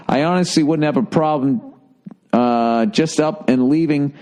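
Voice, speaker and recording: A man hosting a comedy podcast reads a listener's letter and delivers blunt, profane breakup advice in a casual rant with lots of swearing. His mid-range voice is mellow, and he turns halting before punchlines, with fillers and restarts.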